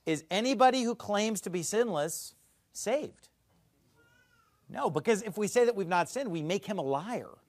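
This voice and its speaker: A man's voice: sits high, animated, moderate pace, dry recording. A man preaching a sermon as a pastor, emphatic and argumentative.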